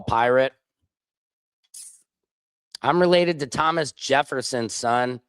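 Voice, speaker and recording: A man in his forties from Missouri hosts a casual live stream and answers his chat with sarcastic banter. His voice sits at a middling pitch. It sounds dry and close to the mic. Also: lively intonation, moderate pace, dry recording. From Missouri, USA. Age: 40s.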